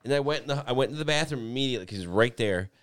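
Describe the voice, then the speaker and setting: A man's voice: medium pitch, expressive, very fast, a bit bright, no room sound, clean studio sound. A young man casually telling a long story on a podcast, rambling and profane, with lots of "like".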